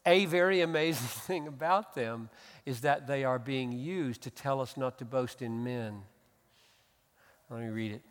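A middle-aged man preaching a sermon as pastor, building from calm explanation to loud, emphatic peaks. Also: mid-range voice, a little slow, in a large hall. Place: church.

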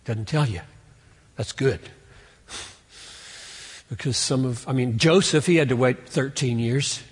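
A man preaching an expository sermon, earnest, building to emphatic peaks and then dropping low. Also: measured pace, husky, in a large hall. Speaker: pastor.

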